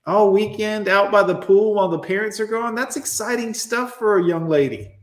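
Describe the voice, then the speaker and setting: A man's voice: sits high, moderate pace, reverberant. A man telling a crude, mocking story to viewers in a casual monologue.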